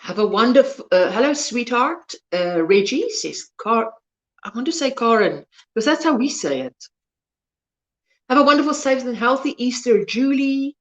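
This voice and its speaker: A South African host, native in Afrikaans, runs a crochet livestream and reads viewer comments while chatting and rambling casually. Her voice is a little high and expressive at a moderate pace, and she sometimes loses words mid-sentence.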